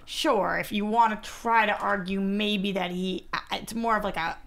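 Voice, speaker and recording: A woman's voice: medium pitch, steady tone, normal speed, fairly bright tone. A woman co-hosting a casual film discussion panel, weighing and qualifying her opinions as she talks.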